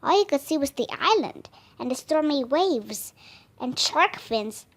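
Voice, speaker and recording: A woman reading a children's book aloud, careful and deliberate. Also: sits high, animated. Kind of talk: storybook read-aloud.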